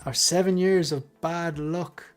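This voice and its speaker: A man hosting a casual panel livestream, joking and tossing quick asides to the chat. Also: a little high, steady tone, soft background music. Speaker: livestream host.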